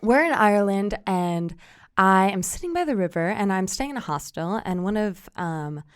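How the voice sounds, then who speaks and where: A woman's voice: medium pitch, lively intonation, normal speed, smooth. A woman guest on a podcast, giggly and teasing as she tells a story. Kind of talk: casual storytelling.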